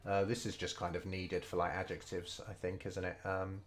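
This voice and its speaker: A man's voice: deep voice, flat delivery. A man casually thinking aloud as he studies Mandarin over gameplay, hesitant and full of fillers. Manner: slow, unhurried delivery. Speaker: streamer learning Mandarin. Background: faint game music.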